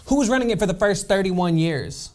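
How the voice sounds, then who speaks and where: Dry comedy news anchor guy, exasperated, slightly high voice that moves around a lot. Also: expressive, fairly quick, background noise. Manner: dry, exasperated straight man. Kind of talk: satirical news sketch.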